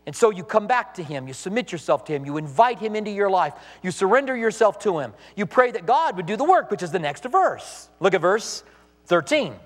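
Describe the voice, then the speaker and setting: A male pastor preaching with a high, lively voice that swings up and down as he acts out the people he quotes. His sermon rings through a big hall with long reverb.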